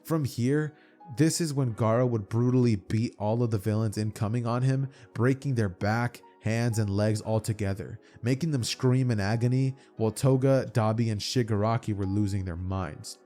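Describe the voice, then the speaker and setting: A man's voice: lowish voice, normal speed, mellow, faint music behind. A man telling an imagined fan story in a loose, run-on way, often restarting his phrases. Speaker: narrator. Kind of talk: casual fan-fiction storytelling.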